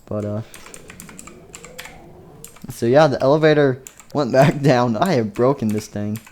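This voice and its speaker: A man's voice: medium pitch, unhurried, darkish tone, a little hiss or hum. Rambling man telling a game-animation story. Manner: rambling, lots of fillers, laughs at own story. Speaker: channel creator narrating a game-animation story. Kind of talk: casual improvised storytelling.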